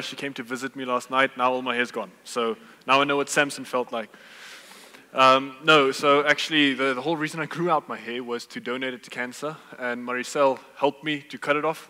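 Man, pastor, casual joking sermon, bright clear voice, long hall reverb. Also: medium pitch. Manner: relaxed, joking, conversational preaching. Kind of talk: sermon with storytelling. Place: church hall.

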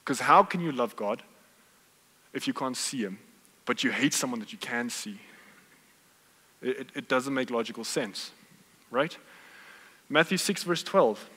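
A man's voice: medium pitch, lively intonation, unhurried, long pauses, pushed and bright, husky. A man preaching a sermon in a conversational, emphatic way, full of rhetorical questions. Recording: reverberant hall.

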